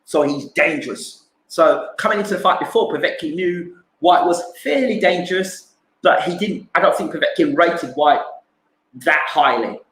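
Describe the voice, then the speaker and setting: A man's voice: a little high, normal speed, a bit bright, reverberant, rough recording. A man giving casual boxing fight analysis, repeating himself and acting out punches with sound words. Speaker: boxing pundit streamer.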